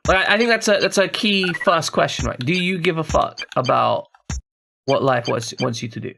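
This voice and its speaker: Casual male streamer, gravelly and a touch high, confused running commentary, noisy recording. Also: expressive, moderate pace. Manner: puzzled, thinking aloud, profane asides.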